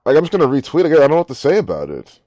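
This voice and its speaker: A man's voice: a little high, wildly swooping pitch, racing, mellow, no room sound, studio quality. A man giving rambling, profane, incredulous commentary while reading social media posts. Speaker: online commentator.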